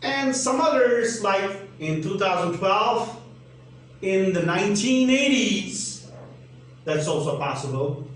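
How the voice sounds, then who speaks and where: Slow, high-voiced man teaching grammar. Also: animated, fairly bright tone. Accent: Turkish. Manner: deliberate, spells out letters, asks then answers his own questions. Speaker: English teacher. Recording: echoey room, mic at a distance, faint hum.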